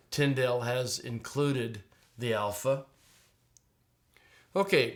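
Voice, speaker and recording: A man's voice: mid-range voice, a bit bright. A middle-aged man teaching, walking through a Greek text on screen in a casual, conversational way, often restarting words and using fillers.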